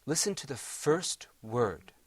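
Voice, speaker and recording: A man's voice: medium pitch, sing-song, takes it slowly, breathy edge. Patient man teaching Quran recitation. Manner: patient, explains step by step and chants Arabic examples. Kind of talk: televised recitation lesson.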